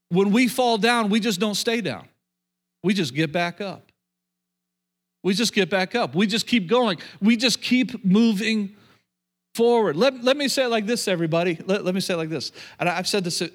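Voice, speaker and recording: A middle-aged man preaching to a congregation, repeating phrases and restarting sentences as he calls out to the room. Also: high voice. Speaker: pastor. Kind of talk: sermon.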